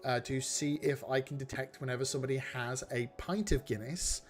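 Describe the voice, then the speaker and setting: A man's voice: mid-range voice, steady tone, brisk, soft background music. A man hosting a casual live coding stream, rambling, chatting with viewers and poking fun at himself. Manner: rambling, self-mocking, talks to chat.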